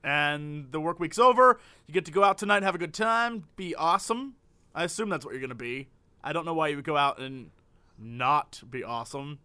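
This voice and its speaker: Male co-host, high bright voice, sarcastic and teasing banter. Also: animated, a little fast, smooth. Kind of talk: comedic podcast banter.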